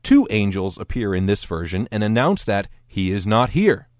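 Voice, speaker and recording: Male lecture narrator, low and expressive, wry delivery, dry close mic. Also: moderate pace, no echo. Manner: dry, wry explanatory tone with lively quoted voices. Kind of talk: scripted narration.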